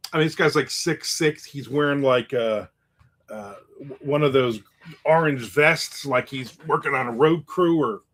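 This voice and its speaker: A man telling a story in a casual monologue, animated and acting out the people in it with raised voices. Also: mid-range voice.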